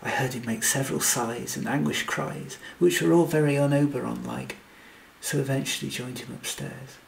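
Gravelly male storyteller. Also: medium pitch, moderate pace, rough recording. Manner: steady storytelling read. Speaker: audiobook narrator. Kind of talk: scripted narration.

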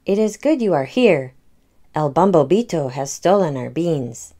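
A woman's voice: sits low, expressive, unhurried, warm tone. A woman voicing an earnest, worried little male chihuahua in a storybook read-aloud.

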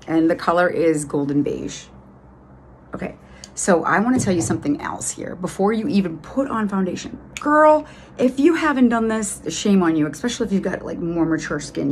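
A woman's voice: lowish voice, a little mellow, a little hiss or hum. A middle-aged woman with a Boston accent, chatting enthusiastically through a casual makeup tutorial with lots of fillers. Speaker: beauty vlogger.

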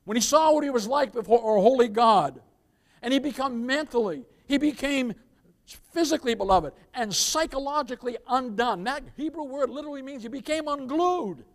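A man with a notably high voice preaches a sermon. He swings between booming, emphatic cries and quiet, intimate asides, calling the congregation beloved and asking for amens. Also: animated, normal speed. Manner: preaching with dramatic swells, repeated "beloved", calls for amen. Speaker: pastor.

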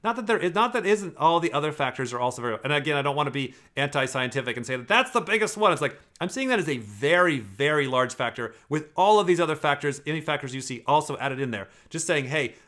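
A man's voice: a little high, lively intonation, fast, few pauses, a bit bright. A man hosting a casual commentary, rambling and swearing freely as he talks. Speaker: host.

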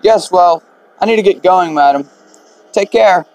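Guilty young male debt collector, polite and hesitant, slightly high and slow, read by a man. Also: darkish tone, no echo, poor audio. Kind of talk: reading game dialogue aloud.

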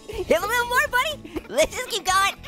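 High bouncy woman's voice, giggly gamer cracking puns, game music going behind her. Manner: giggly, punning, teasing the game character. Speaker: gaming host. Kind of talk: playful let's-play commentary.

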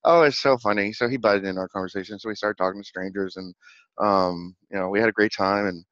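A man hosting his own channel, telling a rambling, excitable story in a casual vlog recap, laughing often and repeating words as he goes. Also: lowish voice, fast, dry recording. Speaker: channel host. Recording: dull lo-fi dry recording.

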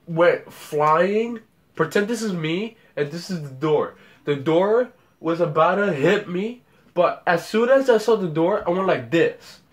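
Young guy slowly rambling thru a dream story, kinda high voice, keeps repeating himself. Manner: rambling, repeats words, acts out scenes. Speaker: vlogger. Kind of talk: casual storytelling about a dream.

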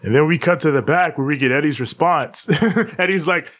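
A man's voice: on the high side, a little slow, a bit bright. A man co-hosting a casual wrestling podcast, recapping a show and acting out the wrestlers' lines with frequent laughter. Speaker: podcast co-host.

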